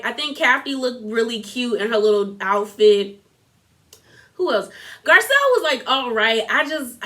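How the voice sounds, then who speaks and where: Young woman, casual vlog recapper, rambling and filler-heavy; slightly high, bright voice. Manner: chatty, lots of filler "like", quotes people in a put-on voice. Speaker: reality TV recap vlogger.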